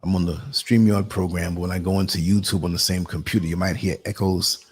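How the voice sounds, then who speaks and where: A man's voice: low voice, little pitch movement, fairly quick, breathy edge. A man with a New York accent hosting a live online talk show, chatting casually and laughing often while he works the computer.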